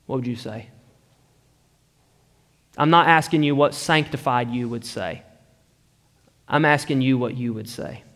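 A man preaching a sermon, slow and deliberate, often dropping to a hushed tone for emphasis. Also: mid-range voice, big-room sound.

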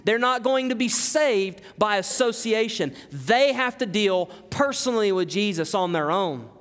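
With a high, expressive, slightly bright voice, a pastor preaches at a measured pace, emphatic and repetitive, putting rhetorical questions to his listeners. The recording carries a long hall reverb.

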